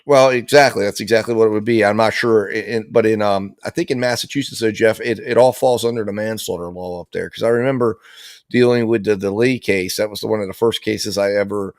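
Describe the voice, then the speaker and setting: A man's voice: fairly low pitch, fairly even intonation, fairly quick, no echo, studio quality. A man giving casual, rambling commentary on a criminal trial, with lots of restarts and repeated words.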